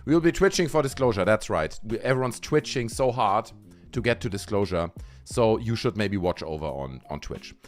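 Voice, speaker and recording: A man's voice: on the low side, expressive, moderate pace, faint music behind. A man with a German accent hosting a live stream, a theatrical, playful showman. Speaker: livestream host. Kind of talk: hyped live-stream chat.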